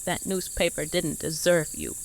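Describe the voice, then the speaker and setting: A woman's voice: sits low, sing-song, normal speed, creaky, full character voice. A woman playing a doting, gossipy mother in an audio drama. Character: chatty Southern trailer-park mother, nosy and doting.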